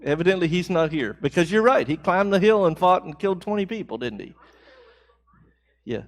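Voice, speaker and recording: Animated man teaching a Bible class. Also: sits high, moderate pace. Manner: conversational, asks the class questions and answers back.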